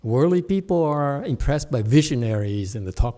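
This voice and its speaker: A man's voice: medium pitch, moderate pace, warm tone. A middle-aged man, a Buddhist teacher, giving a chatty dharma lecture with digressive asides and frequent laughs. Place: temple hall.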